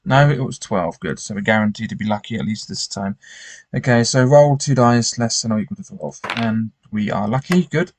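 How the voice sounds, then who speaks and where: A man's voice: on the low side, moderate pace, no room sound. A man reading a gamebook aloud with commentary, often stumbling and restarting his sentences. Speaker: gamebook player.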